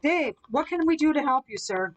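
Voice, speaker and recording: A woman with a somewhat high voice runs a live spirit box session from indoors at someone else's home. She talks calmly and patiently, asking the spirits questions one after another. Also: normal speed, highs cut off. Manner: calm, coaxing questions to spirits. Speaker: ghost hunter host.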